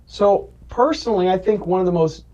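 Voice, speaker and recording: A man's voice: high-pitched, a little fast, darkish tone, lo-fi sound. A man being interviewed as a Medicare advisor, telling client stories with lots of "right?" and acted-out quotes. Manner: storytelling, acts out quoted voices, frequent "right?". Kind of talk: conversational interview.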